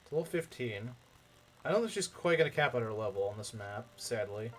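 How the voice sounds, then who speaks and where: A young man's expressive, mid-range voice moves a little fast as he casually commentates his strategy game stream. He rambles, repeats himself and makes jokey asides to his chat.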